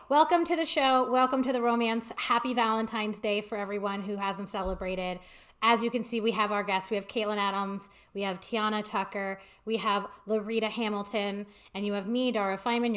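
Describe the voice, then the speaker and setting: A woman's voice: mid-range voice, fairly bright tone. A woman hosting a casual live-streamed chat show from her apartment, chatty and a little flustered, her voice tinny and echoey through a home computer microphone. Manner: chatty, flustered by audio problems, laughing. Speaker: podcast host. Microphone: computer microphone on a video call.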